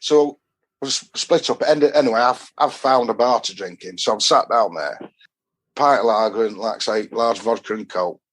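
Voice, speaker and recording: A man's voice: medium pitch, moderate pace. A man with a Yorkshire accent, a podcast guest telling rambling, chatty stories about football away trips. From England. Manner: rambling storyteller, chatty and broad. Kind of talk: casual anecdotal chat.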